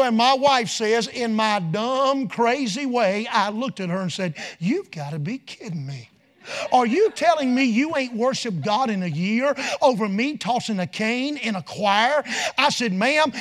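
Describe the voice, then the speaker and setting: A middle-aged man preaching a revival sermon full of stories, folksy and rising from quiet asides to loud shouted peaks. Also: extremely high pitch, lively intonation, measured pace.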